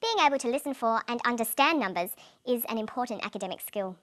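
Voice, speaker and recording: A woman presenting an English lesson in clear, deliberate scripted narration, slowing down on example words. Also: a little high, animated, fairly bright tone.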